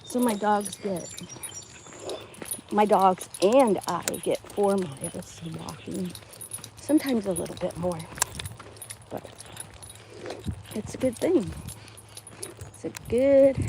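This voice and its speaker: A woman with a medium-pitched voice and vocal fry records herself on a handheld phone while walking her dogs down a neighborhood street. In this casual live walk-and-talk she rambles, calls to the dogs, and laughs often, with background noise around her.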